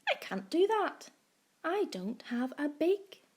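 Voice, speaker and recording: A woman voicing a small, stubborn young girl tortoise in a storybook reading, raising her pitch. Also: big pitch swings, slow, heavily acted. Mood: defiant. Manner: pleading, then cross and sad.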